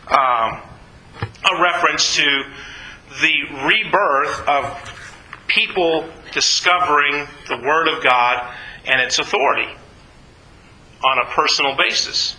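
A man's voice: on the high side, sharp tone, echoey room, a little hiss or hum, poor audio. A man teaching an informal Bible study to a class, asking questions and then answering them himself.

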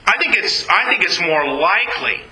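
A man's voice: high voice, big pitch swings, moderate pace, bright, forceful tone, roomy sound, rough recording. A man teaching an informal Bible study to a class, asking questions and then answering them himself.

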